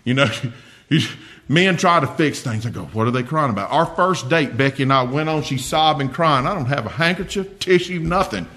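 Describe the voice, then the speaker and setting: A man's voice: fairly high pitch, lively intonation, moderate pace, bright, forceful tone. An older man preaching a sermon, folksy and earnest, telling homely stories with humor.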